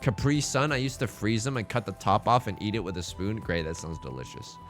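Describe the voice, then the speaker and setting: A man streaming live and chatting casually with his viewers while he plays. He sounds slightly hoarse and is excitable and self-mocking. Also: fairly low pitch, a little fast, soft background music. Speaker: livestreamer.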